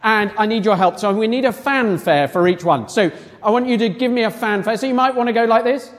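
A high-voiced man leads a family church service, lively and rousing as he gets the children cheering. His voice rings out with long reverb in a large hall. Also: a little fast. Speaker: church leader. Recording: echoey hall.

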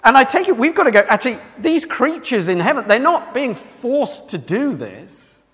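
A man's voice: extremely high pitch, sing-song, moderate pace, fairly bright tone, long reverb tail. A man preaching a sermon in a church, talking conversationally and asking the congregation questions.

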